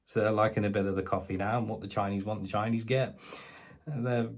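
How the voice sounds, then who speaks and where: Husky British man with a mocking tone. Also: lowish voice, steady tone, fast. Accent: British English. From Britain. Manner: mocking, incredulous, with colloquial asides. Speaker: political commentator. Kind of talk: sarcastic casual monologue.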